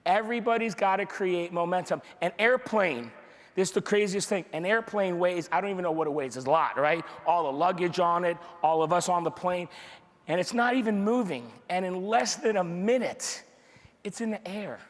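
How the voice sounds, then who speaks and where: High-voiced man giving a rousing talk in a hall. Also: normal speed. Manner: energetic and repetitive, drives points home with rhetorical questions; acts out dialogue in quoted voices. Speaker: sales team leader giving a motivational training talk. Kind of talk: motivational speech to a live audience. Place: large room with an audience. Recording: long hall reverb from a live event.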